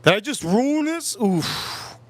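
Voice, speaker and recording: A man's voice: extremely high pitch, sing-song, slow pace. A man hosting a casual livestream while drinking, rambling, repeating himself, and cracking crude jokes. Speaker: livestream host.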